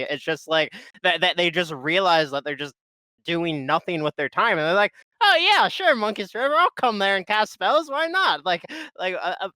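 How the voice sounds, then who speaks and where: A man co-hosting a relaxed gaming podcast, stumbling through restarts and laughing often. His voice is bright and clear, and sits slightly high. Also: no echo. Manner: halting, many restarts, frequent laughs. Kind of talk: casual podcast chat.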